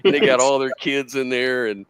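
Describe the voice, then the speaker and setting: A man's voice: mid-range voice, steady tone, normal speed, smooth, no room sound, rough recording. Call-in host, male, rambling casual storyteller. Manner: rambling storyteller, says "dude".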